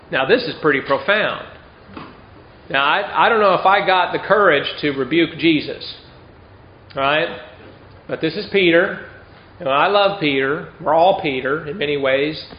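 A man's voice: a little high, slight background noise. A man preaching a sermon in a conversational way, often throwing rhetorical questions to the listeners. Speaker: pastor. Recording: roomy, dull lo-fi sound.

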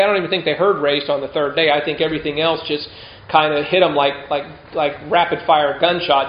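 A man's voice: on the high side, fairly even intonation, brisk. A man preaching a sermon in a conversational way, often throwing rhetorical questions to the listeners. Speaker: pastor. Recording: roomy, dull lo-fi sound.

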